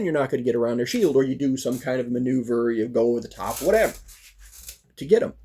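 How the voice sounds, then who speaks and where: A man casually telling a personal story about a fighting practice, animated and full of fillers, acting out the lines of the people in it. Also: on the high side, slight background noise. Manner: animated, acts out quoted lines, frequent fillers.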